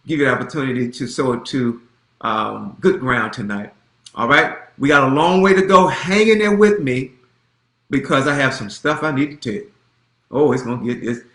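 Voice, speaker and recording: A man in his fifties, a pastor making a casual, animated church announcement, folksy and repeating himself. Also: medium pitch, reverberant. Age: 50s.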